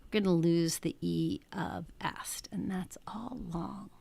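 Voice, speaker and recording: Slow, methodical woman teacher. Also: lowish voice, steady tone, gravelly, warm tone, breathy edge, no room sound. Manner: methodical, talking through each step. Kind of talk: classroom lecture.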